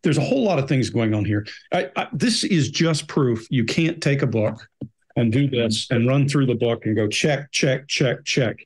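A man's voice: medium pitch, animated, moderate pace, husky. A man on a behavior analysis panel, giving blunt, emphatic commentary on an interrogation.

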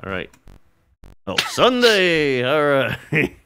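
Lively, bright-voiced male streamer. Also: on the high side, takes it slowly, creaky, soft background music. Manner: laughs often, hams up game announcements. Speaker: streamer hosting a game tournament. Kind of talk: casual game commentary.

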